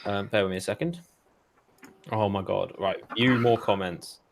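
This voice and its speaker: A man's voice: fairly low pitch, moderate pace, gravelly, background noise. A British man co-hosting a casual podcast, reading out online comments in a stop-start way with frequent laughs. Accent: British English. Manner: giggly, stop-start reader. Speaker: podcast co-host.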